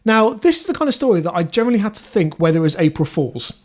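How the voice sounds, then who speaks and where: A man's voice: high-pitched, very animated, a little mellow. A man co-hosting a casual comedy podcast, reading news stories aloud with many fillers and restarts. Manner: reads quotes aloud, halting with fillers and restarts.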